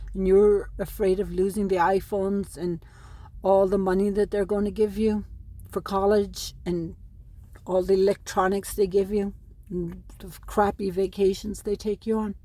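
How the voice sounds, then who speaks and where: At home in New Mexico, a middle-aged Irish woman makes an emotional plea straight to camera about custody, addressing her sons in an aggrieved, pleading way. Her voice is medium-pitched with a dark tone.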